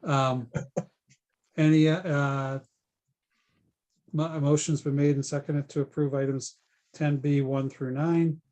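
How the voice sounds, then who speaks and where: A man's voice: on the high side, little pitch movement, takes it slowly, pauses often, a little mellow. A man chairing a town council meeting, calling votes in an informal way with many fillers and small jokes.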